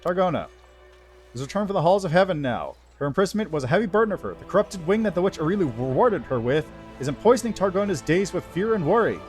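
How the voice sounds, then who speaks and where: A man's voice: high voice, big pitch swings, quick pace, soft background music. A man voicing a solemn, ancient male angel herald in a mock French-tinged, old sci-fi style voice, reading game dialogue.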